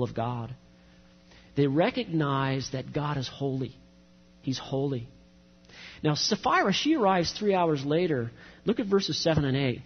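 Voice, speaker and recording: A man's voice: a little high, husky. A middle-aged man preaching a sermon as pastor, earnest and direct, mixing scripture reading with personal stories. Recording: dull recording with long hall reverb.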